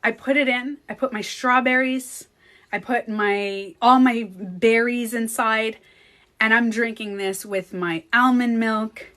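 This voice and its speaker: A woman with a French Canadian accent, a native French speaker, tells a story in a casual vlog as a beauty coach. Her voice is on the high side, a bit bright and steady, and she speaks slowly, chatting with viewers and laughing often.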